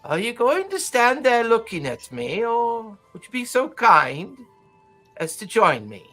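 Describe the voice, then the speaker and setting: A man voicing a gentle, courteous elderly male mystic in a tabletop game. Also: very high-pitched, wildly swooping pitch, soft background music, pitched above the performer's own voice, exaggerated voice. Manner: courteous, unhurried, gently mocking.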